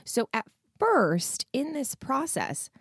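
A woman hosting a podcast, answering listener questions as a coach in a casual, candid way, with a froggy, hoarse voice and plenty of likes and ums. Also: high voice, huge pitch swings, takes it slowly, no room sound, studio quality. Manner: candid, swears freely, frequent likes and ums. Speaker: podcast host and weight loss coach.

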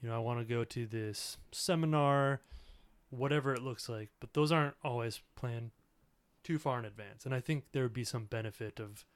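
A man in his thirties talks things through in an earnest, reflective tone, often leaning on filler words. His voice is smooth and resonant, at an ordinary pitch. The sound is close and dry, with no room echo. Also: moderate pace. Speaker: podcast host. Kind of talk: casual conversational podcast.

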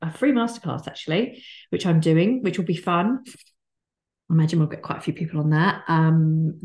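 Woman in her 40s rambling on her podcast, gravelly, kind of whispery asides, swears a bit. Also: sits low, darkish tone. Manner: rambling, chatty, self-deprecating, swears casually. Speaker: podcast host. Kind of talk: casual solo podcast monologue.

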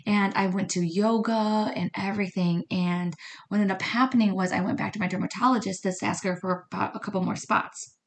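This medium and card reader has a medium-pitched, steady voice and a brisk delivery. Her podcast monologue is chatty and conversational, and she often checks in with listeners using phrases like "right?" and "you know what I mean."

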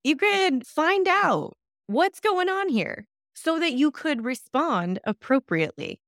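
A woman hosting a solo self-help podcast, talking in a lively coaching tone. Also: sits high, takes it slowly, dry recording, studio quality. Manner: lively coaching tone, acts out imagined reactions. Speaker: podcast host.

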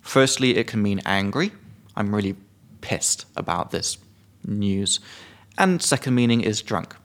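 A man's voice: fairly low pitch, lively intonation, a little slow. A man co-hosting a podcast as an English teacher, explaining slang casually with examples and swearing. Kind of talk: casual chat.

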